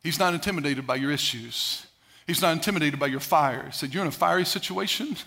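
A male pastor preaching a sermon, emphatic, swinging between loud declarations and hushed asides, sometimes acting out quoted voices. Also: a little high, fast talker, creaky.

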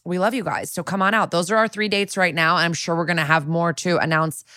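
A woman in her thirties talks in a relaxed, chatty way on a podcast, tossing in sarcastic jokes. Her voice sits a little low. The sound is close and dry, with no room echo. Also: brisk. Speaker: podcast co-host. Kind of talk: casual chat.

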